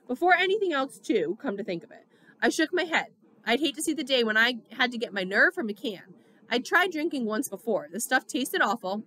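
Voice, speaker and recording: A woman narrating a novel in the first person with steady storytelling. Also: on the high side. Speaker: audiobook reader.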